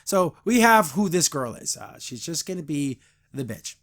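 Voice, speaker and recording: A man's voice: fairly high pitch, big pitch swings, normal speed, a bit bright. A man hosting a podcast, giving a casual, blunt and critical review of a cartoon episode. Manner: retells scenes, briefly imitating characters.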